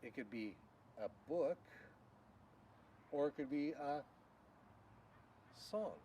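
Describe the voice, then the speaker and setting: A man leading a children's Bible school, teaching a game slowly and leading shouted call-and-response lines. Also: a little high. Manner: slow, animated, leads shouted call-and-response. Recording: distant mic with faint noise.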